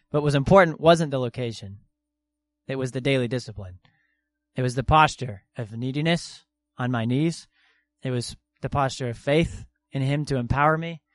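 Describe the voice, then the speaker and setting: Earnest young male preacher, slightly high voice. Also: no room sound. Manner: earnest, slow and deliberate with emphatic pauses. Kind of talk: sermon.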